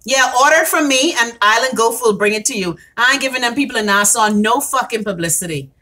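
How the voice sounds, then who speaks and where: A woman's voice: on the high side, animated, quick pace, pushed and bright. A woman with a Bahamian accent hosting a casual live-stream wellness tutorial, talking bluntly, swearing freely and answering viewers' comments as she goes. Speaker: wellness vlogger.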